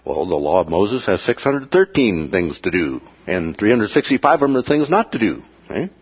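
A man leads a Bible class, his husky voice rising and falling across a wide, lively pitch range. He keeps checking in with his listeners and briefly acts out the voices he quotes. The recording sounds dull and lo-fi. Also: moderate pace. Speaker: Bible study teacher.

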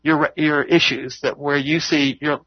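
A man's voice: fairly high pitch, flat delivery, unhurried, no room sound, lo-fi sound. A man leading an informal Bible study, earnest and rambling, often laughing at himself. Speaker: Bible teacher.

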